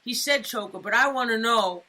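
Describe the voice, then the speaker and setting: A woman's voice: on the high side, normal speed, pushed and bright. A woman co-hosting a talk show, joking in casual streetwise slang. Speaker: co-host. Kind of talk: casual political banter.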